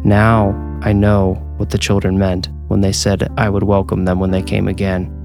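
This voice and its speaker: A man narrating a first-person horror story as podcast host, measured and grave. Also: deep voice, monotone, gravelly, music in the background.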